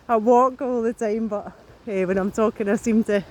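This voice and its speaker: A woman's voice: fairly high pitch, steady tone, normal speed, a little mellow. A woman talking to her camera as she walks along outdoors, out of breath between phrases. Her speech rambles, doubles back on itself and breaks into swearing. The tone stays loose and unscripted throughout. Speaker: vlogger. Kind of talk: casual talk to camera.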